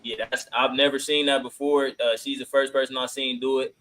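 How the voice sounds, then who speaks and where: A man's voice: medium pitch, flat delivery, brisk, bright, forceful tone, slight background noise, low-quality recording. Chill guy hosting a podcast, slangy, lots of ums, just chatting. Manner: laid-back, slangy, many filler ums. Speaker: podcast host. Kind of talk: casual chat reacting to clips.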